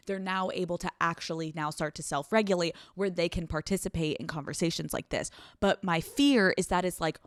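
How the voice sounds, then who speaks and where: A woman hosting a podcast, giving casual relationship advice in a blunt, profane and animated way, running on no sleep. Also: lowish voice, dry recording, studio quality. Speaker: podcast host.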